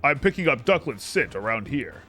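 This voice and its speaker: A man voicing a loyal, eager male police dog in a game, speaking low and gruff with barks. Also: big pitch swings, moderate pace, fairly bright tone, soft background music. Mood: earnest.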